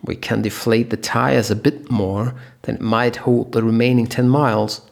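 A male narrator voicing a matter-of-fact male loader operator who explains problems briskly. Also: mid-range voice, fairly even intonation, vocal fry, lightly acted. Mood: explaining.

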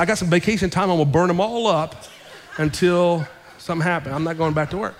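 A man with a fairly high voice preaches from the pulpit, retelling a story and voicing each person's lines as he goes. His words ring out through a church sanctuary with a long reverb tail. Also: fast talker, hardly any pauses, a little hiss or hum. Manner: animated retelling with quoted dialogue. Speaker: pastor. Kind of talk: sermon storytelling.

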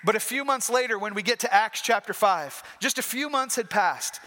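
High, bright-voiced preacher. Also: male voice, expressive, normal speed. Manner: emphatic, repeats key points. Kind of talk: sermon. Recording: reverberant hall.

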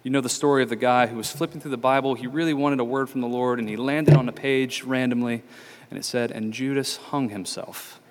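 A man's voice: medium pitch, fairly even intonation, quick pace. Male pastor, chatty sermon delivery, lots of ums, echoing church hall. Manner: conversational, many fillers and restarts. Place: church sanctuary.

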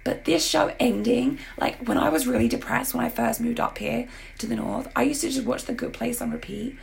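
A woman's voice: a little high, fairly quick, vocal fry, a little hiss or hum. A woman with a sore throat co-hosting a podcast, chatting casually and animatedly about TV shows. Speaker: podcast co-host. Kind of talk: casual chat.

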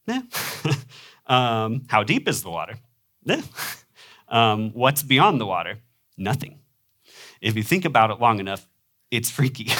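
A man's voice: on the low side, fairly bright tone. Young midwestern guy preaching, kinda nasal, chatty with lots of ums and little laughs. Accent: Midwestern American. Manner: conversational, with frequent ums and small laughs. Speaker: pastor. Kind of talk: sermon.

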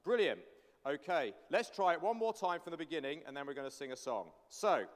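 A man's voice: on the high side, expressive, moderate pace. A man leading a church congregation through a psalm, coaxing them to repeat lines after him. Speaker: pastor. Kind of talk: interactive sermon teaching a psalm. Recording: long church reverb.

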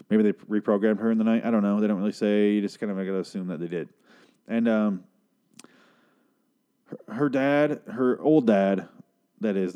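A man's voice: fairly low pitch, dark tone. A man casually recapping a TV episode in a rambling, profane, exasperated way. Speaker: show recapper.

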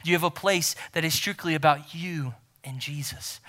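A man preaching a sermon as pastor, emphatic and repeating key phrases, swinging from loud to near-whisper. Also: fairly high pitch, moderate pace, hardly any pauses.

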